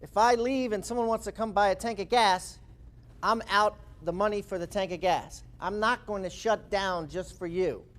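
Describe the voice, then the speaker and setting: A man voicing a grumpy old male gas station owner, gruff and exasperated, in a live talk. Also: high-pitched, moderate pace, fairly bright tone.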